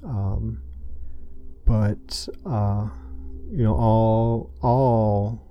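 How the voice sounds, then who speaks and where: A man hosting his own podcast, telling a painful personal story in a halting way, full of restarts and fillers. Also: on the low side, mellow, slight background noise. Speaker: podcast host. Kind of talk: personal confessional monologue.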